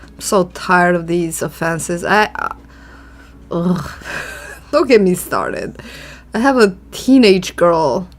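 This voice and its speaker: A woman's voice: fairly low pitch, animated, slow, long pauses. A woman art vlogger chatting casually and musing aloud while she draws, opinionated and given to sighs. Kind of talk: casual chat while drawing. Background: faint background music.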